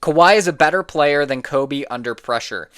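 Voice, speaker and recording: A man's voice: a little high, animated, moderate pace, fairly bright tone, clean tone. A man giving casual reaction commentary on sports opinions, opinionated and prone to getting heated and exasperated. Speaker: sports content creator.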